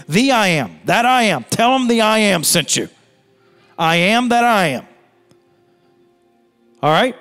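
A man's voice: sits high, fairly bright tone, long reverb tail. A middle-aged man pastor preaching a sermon, emphatic, with repeated phrases and rhetorical questions. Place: church hall.

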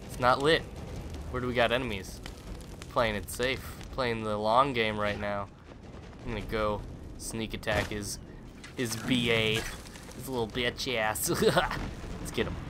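A young man talks his way through a video game, joking, teasing and breaking into the odd sudden shout. His voice sits at an ordinary middle pitch. Clear background noise and game ambience run steadily under him. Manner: playful, jokey, loud sudden outbursts. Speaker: let's play host. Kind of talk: gameplay commentary.

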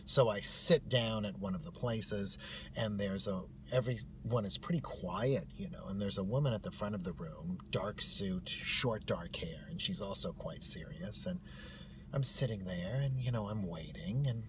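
A man telling a comic personal story in a wry, animated way. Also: fairly low pitch, normal speed, background noise.

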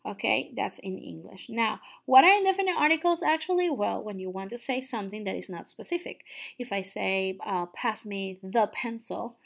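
A woman's voice: mid-range voice, expressive, brisk, vocal fry. A young adult woman teaching a recorded online lesson, patient and explaining step by step, often checking in with "okay?". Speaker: Spanish teacher.

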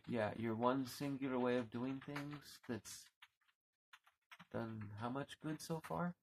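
A man's voice: medium pitch, fairly even intonation, slow pace, a little hiss or hum, rough recording. A man venting in an angry, profane rant to his vlog viewers, often stumbling over and repeating his words as he gets worked up, recorded on his anchored boat. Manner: heated, swearing, repeating words when worked up. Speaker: vlogger.

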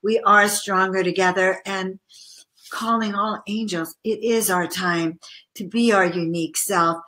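Middle-aged woman doing live card readings, bright voice, gushy and chatty, calls out viewer names. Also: medium pitch, fairly even intonation, unhurried. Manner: effusive, chatty, addresses viewers by name. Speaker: spiritual card reader and host.

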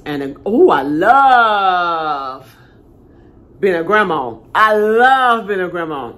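Older woman vlogger, homey and chatty, lowish voice, talks straight to her viewers. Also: sing-song, slow pace, fairly bright tone. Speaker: channel host. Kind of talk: casual talk to viewers.

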